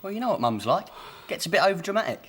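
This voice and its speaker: Brief: a relaxed young student, lively pitch. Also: male voice, rapid-fire, husky, exaggerated voice. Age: young adult. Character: laid-back young college lad, her son.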